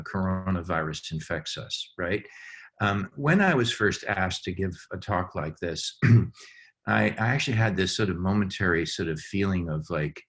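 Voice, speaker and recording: A man's voice: low-pitched, fairly bright tone. A man speaking earnestly to camp professionals over a video call, with many ums and uhs. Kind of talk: heartfelt talk to an online audience.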